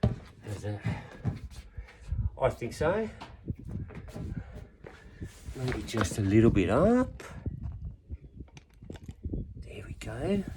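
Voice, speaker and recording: A man's voice: medium pitch, background noise. A man in his fifties filming a workout vlog outdoors, counting reps and talking through his routine in a chatty, encouraging way. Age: 50s. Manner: chatty, encouraging coach talk. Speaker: fitness vlogger.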